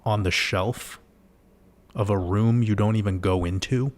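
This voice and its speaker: A man's voice: lowish voice, steady tone, measured pace. A man hosting a livestream, talking casually and animatedly to his viewers, swearing and firing off rhetorical questions. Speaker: livestream host.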